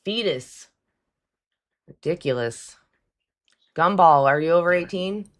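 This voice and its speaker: A woman's voice: lowish voice, animated, slow pace. A woman hosting a live call-in stream, talking bluntly and mockingly to callers. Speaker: livestream host taking callers.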